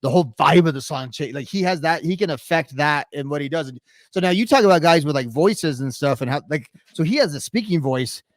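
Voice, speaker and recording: A man's voice: fairly high pitch, expressive, fairly quick, no echo, clean studio sound. A man co-hosting a music podcast in casual chat over a remote call, hedging his points with many restarts and you-knows. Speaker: podcast co-host. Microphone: remote call mic.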